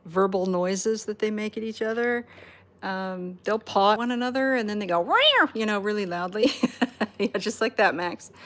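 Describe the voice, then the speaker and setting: Chatty woman cooing at cats. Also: mid-range voice. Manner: chatty, laughs often, coos at the cats. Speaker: host of a cat rescue livestream. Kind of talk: casual livestream chat. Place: indoors at a cat sanctuary.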